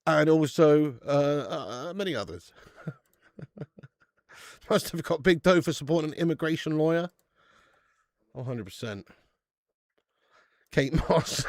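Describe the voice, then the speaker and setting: Gravelly-voiced English man hosting a football watch-along. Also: a little high, lively intonation, a little slow, pauses often, a little mellow, no echo, clean studio sound. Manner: banter-heavy, swears, laughs often, calls viewers mate and lad. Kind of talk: live watch-along chat and reading chat.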